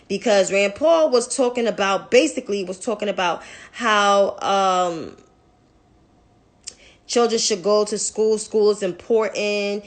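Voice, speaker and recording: A woman's voice: medium pitch, unhurried. A young woman giving blunt, profane, exasperated commentary in a casual vlog. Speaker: political commentator.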